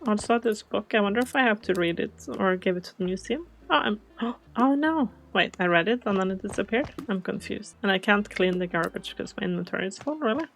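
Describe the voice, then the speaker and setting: Soft-spoken woman playing a life game. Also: mid-range voice, a little fast, gravelly, few pauses, a little hiss or hum. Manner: soft-spoken, chatty, easily confused. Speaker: gaming channel host. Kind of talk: casual game commentary.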